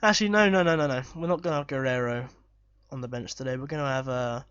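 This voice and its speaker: A man commentating live on his football management game, excitable and swearing when chances are missed. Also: medium pitch, quick pace, clear, resonant tone, no echo, dull audio. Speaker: gaming YouTuber.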